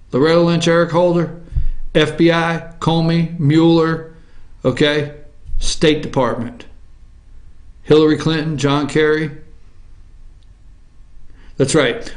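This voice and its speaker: Combative high-voiced male talk host. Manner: combative, repeats "okay?" often. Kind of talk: opinion talk show monologue.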